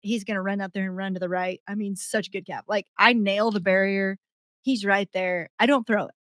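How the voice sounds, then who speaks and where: A young adult woman, a podcast guest, telling a story in animated casual chat and laughing as she goes. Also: mid-range voice, brisk, no echo.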